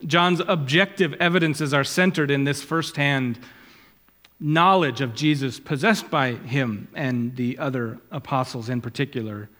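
A man preaching a sermon, swelling loud and high when he quotes Scripture and dropping low and quiet on asides. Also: measured pace. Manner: rises in pitch and volume when quoting Scripture, drops low on asides. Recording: long hall reverb.

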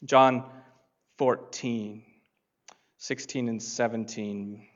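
A man preaching a sermon, reading scripture and rising to loud emphasis on key phrases. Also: on the high side, a little slow. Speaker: pastor. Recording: dull lo-fi sound.

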